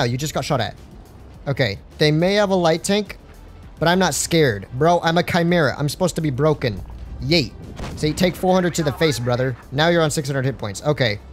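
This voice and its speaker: A young man doing live gameplay commentary on a stream, excitable and slangy, joking and talking to his chat. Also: on the high side.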